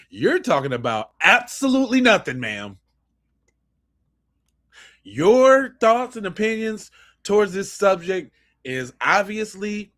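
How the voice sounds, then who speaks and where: A man hosting a live podcast, reacting to clips with loud mocking outbursts and slangy banter. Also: sits high. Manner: quiet rapid aside to viewers. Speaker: podcast host. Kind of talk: live-stream reaction commentary.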